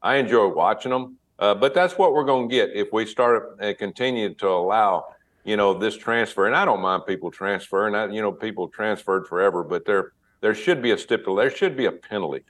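Lower-voiced man speaking haltingly. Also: a bit bright. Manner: halting, many fillers and restarts, opinionated. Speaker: guest politician. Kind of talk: casual interview remarks.

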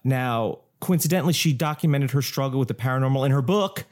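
Brief: male podcast co-host, casual ghost-story telling, deadpan jokes. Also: mid-range voice, fast. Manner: joking, rambling, deadpan asides.

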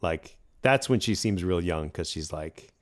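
Deep-voiced man chatting about a movie. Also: animated, measured pace, no room sound, clean studio sound. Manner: rambling, sweary, jokey. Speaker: podcast co-host. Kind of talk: casual film chat.

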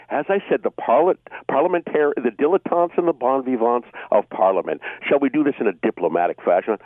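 A man calling in to a talk radio show, speaking passionately and exhorting loudly. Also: medium pitch, lively intonation, quick pace, few pauses, no echo. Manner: impassioned, exhorting, rising to shouts. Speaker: caller. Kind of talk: phone-in radio call. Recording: muffled phone line.

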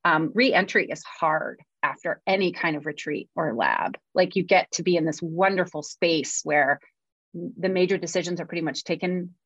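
A woman's voice: lowish voice, moderate pace, fairly bright tone, no room sound, highs cut off. A woman from California co-hosting a screenwriting podcast in casual chat, jet-lagged, talking with lots of fillers and laughs. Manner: chatty, self-deprecating, lots of fillers and laughs. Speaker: podcast co-host.

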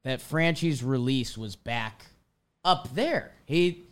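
A man's voice: mid-range voice, animated, slow pace, clean tone, dry recording. A man co-hosting a casual sports podcast, rambling through stats and jokes. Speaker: podcast co-host.

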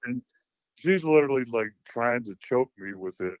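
A man's voice: mid-range voice, lively intonation, normal speed, no room sound, dull audio. A middle-aged man calling in to a talk show, telling a frank story in a blunt, profane way with many restarts. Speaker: caller.

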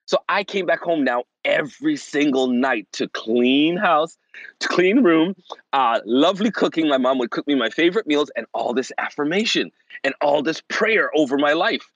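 A man's voice: on the high side, normal speed, no echo, lo-fi sound. A man in his forties, a minister and family therapist, telling a personal story as a podcast guest and acting out the voices of others. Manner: animated, acts out the voices of others.

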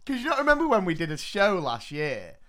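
Animated man, lively delivery. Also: sits high, a little fast. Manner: animated, mimics kids in voices. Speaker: podcast co-host. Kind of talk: casual chat, reading listener stories.

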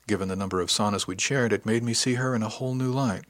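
Male narrator, low voice, dry studio read, even wry storytelling. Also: quick pace, no room sound. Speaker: audiobook narrator. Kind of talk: first-person scripted narration.

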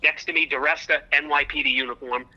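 A man calling in to a talk show, telling a long story in an excitable, rambling way and repeating himself. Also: a little high, quick pace, dull audio. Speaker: guest comedian. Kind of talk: animated storytelling on a call-in show.

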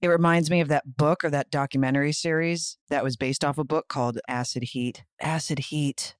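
A man's voice: fairly high pitch, steady tone, brisk, clean tone, no echo, clean studio sound. A man co-hosting a podcast in casual chat, playful and rambling, teasing his co-host.

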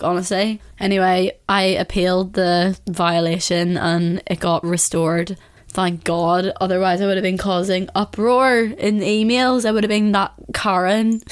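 A woman's voice: medium pitch, clear, resonant tone, dry recording. A woman hosting a casual solo podcast, talking with a blocked-up nasal voice, chatty and blunt, saying "like" a lot and swearing freely. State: blocked-up nose. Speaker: podcast host.

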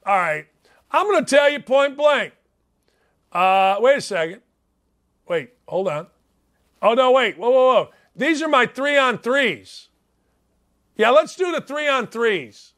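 A man hosting a sports talk show, ranting loudly in a blustery monologue. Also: extremely high pitch, animated, measured pace, pauses often. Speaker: host.

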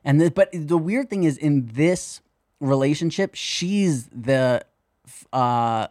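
Guy guest on a podcast, kinda high voice, rambly, says like a lot, dry close mic. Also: slow pace, no echo. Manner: rambling and animated, acting out others' lines, heavy use of "like". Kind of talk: casual podcast chat.

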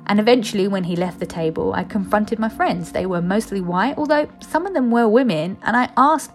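A woman's voice: medium pitch, expressive, a little fast, few pauses, faint music behind. A woman, reading her own personal essay in a candid, wry, conversational way. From East London, England.

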